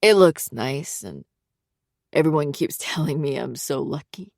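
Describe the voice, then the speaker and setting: A woman voicing an unsettled young man who speaks in a slow, detached, quiet manner, in an audiobook. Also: low voice, lively intonation, gravelly, dry recording, clean studio sound, voice pushed down, full character voice. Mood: detached, eerie.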